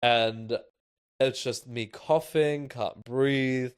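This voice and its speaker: A man's voice: mid-range voice, steady tone, drawn-out words, clean tone, no room sound. A young man hosting a podcast, telling a personal story in a loose, casual way with lots of fillers. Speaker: podcast host.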